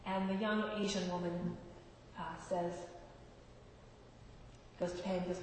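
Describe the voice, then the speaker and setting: A woman's voice: fairly high pitch, animated, normal speed, long pauses. Woman preaching in an echoey hall. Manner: conversational, with laughs and rising emphasis. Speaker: pastor. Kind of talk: storytelling sermon. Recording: roomy hall from far off.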